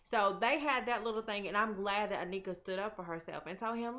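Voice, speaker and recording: A chatty TV recap vlogger, a woman, runs through an episode in animated fashion, acting out the characters' lines. Her mid-range voice is brisk, with hardly any pauses. The casual recap is captured in slightly dull lo-fi audio.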